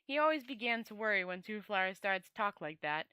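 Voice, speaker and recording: Bright-voiced woman reading a novel aloud. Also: mid-range voice, fairly quick, clean tone, no echo. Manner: chatty, relaxed, stumbles and rereads words. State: dry throat. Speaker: storyteller host. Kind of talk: reading a novel aloud, casual sign-off chat.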